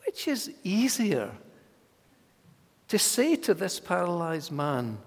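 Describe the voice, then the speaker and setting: A man preaching a sermon in a church, measured and emphatic, sometimes dropping his voice to a hush. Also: sits high, sing-song, creaky, big-room sound.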